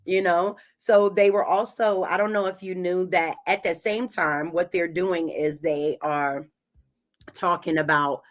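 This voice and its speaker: A woman's voice: fairly low pitch, steady tone, unhurried. A woman co-hosting a morning talk show, chatting about the news and laughing often. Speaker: co-host. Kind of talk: casual chat.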